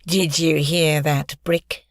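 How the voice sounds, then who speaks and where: A woman voicing a sneering schoolboy bully with a slow, drawn-out taunting delivery. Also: low-pitched, flat delivery, dry recording, studio quality.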